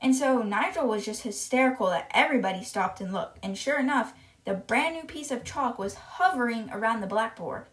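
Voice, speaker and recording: A woman with a fairly high voice retells a children's book in a loose, chatty way. She keeps saying "like" as she goes, a podcast storyteller rather than a formal reader. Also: animated, fairly quick, a bit bright. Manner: chatty, uses "like" a lot.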